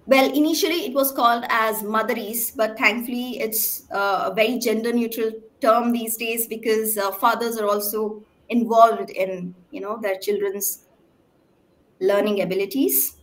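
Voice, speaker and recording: A woman's voice: a little high, fairly even intonation, normal speed, fairly bright tone. Woman speech therapist, emphatic teaching talk. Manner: clear, emphatic teaching with frequent "right?" check-ins; asks the audience questions. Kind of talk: talk to parents.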